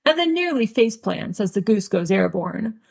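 A woman narrates a story in a wry, deadpan way. Her voice is gravelly and husky, and she sits at a middling pitch. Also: normal speed. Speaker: audiobook reader. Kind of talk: fan audiobook narration.

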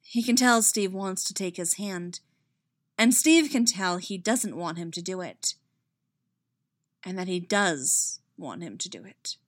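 A woman narrating a story aloud with a wry, expressive delivery. Her voice moves freely up and down in pitch. The sound is very dry and close. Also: a little slow, no echo. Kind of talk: reading a fan-fiction story aloud.

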